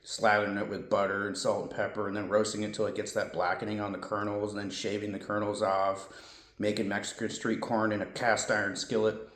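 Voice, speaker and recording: A man's voice: fairly low pitch, little pitch movement, fairly quick, fairly bright tone. Chatty man in an echoey room. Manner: chatty, thinks aloud, self-correcting. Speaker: food reviewer. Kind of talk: casual food review vlog.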